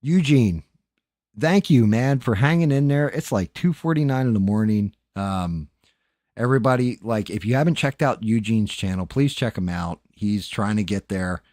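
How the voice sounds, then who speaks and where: A man's voice: fairly low pitch, animated, moderate pace, darkish tone, dry recording, studio quality. A man hosting a late-night livestream, chatting loosely with frequent swearing and thanking viewers by name. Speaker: livestream host.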